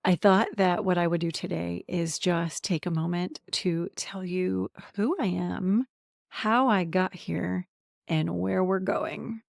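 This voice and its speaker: A podcast host and coach in her forties, from central Pennsylvania, USA, talks warmly and candidly to camera in a personal monologue, poking fun at herself and rattling off chatty lists. Her voice sits on the low side, with a steady tone, a slow pace, and some vocal fry. The studio-quality recording is dry.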